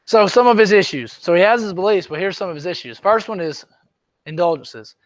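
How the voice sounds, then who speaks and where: A high-voiced man briskly lectures his class on history, talking in a loose, conversational way and often checking that students are keeping up. The recording has no room sound.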